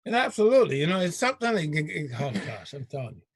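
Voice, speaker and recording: A man hosting a casual radio talk show, emphatic and animated, often laughing. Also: fairly high pitch, quick pace, breathy edge, no echo, clean studio sound.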